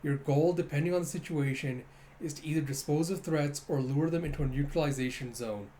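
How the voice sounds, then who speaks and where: A boastful young captain gives brisk orders in a smug, commanding tone, voiced by a man reading aloud. The voice sits a touch high, with light background noise. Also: warm tone, natural voice. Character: cocky young male captain, boastful and bossy.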